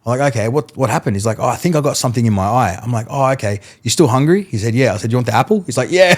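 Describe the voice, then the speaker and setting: A man, a mentalist guest, telling animated stories in casual podcast chat and acting out what people said. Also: mid-range voice, very fast, few pauses, noisy background. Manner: animated storyteller, acts out quotes, laughs mid-story.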